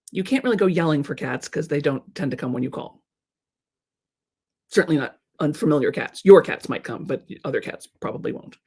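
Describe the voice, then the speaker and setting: With a deep, darkish voice, a woman coaching in creativity and marketing addresses a live audience. She teases the crowd playfully, frequently asks "right?" and imitates people in mocking voices.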